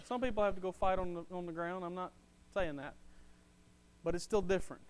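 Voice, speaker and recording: A man preaching a sermon with passion, swinging from quiet to loud and repeating phrases for emphasis. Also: high voice, a little fast, clear, resonant tone.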